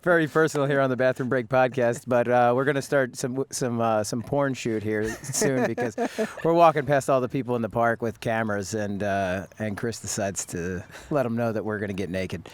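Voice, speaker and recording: A man's voice: mid-range voice, moderate pace, few pauses. A man hosting a casual podcast chat outdoors in a park, loose and jokey, laughing often. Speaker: podcast host. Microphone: podcast mic outdoors.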